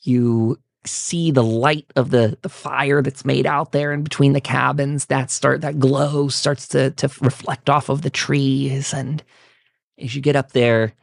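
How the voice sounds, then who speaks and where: Game master, man; easygoing narration, slow delivery, dry close sound. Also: mid-range voice, creaky, dry recording. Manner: relaxed, many fillers, laughs while describing.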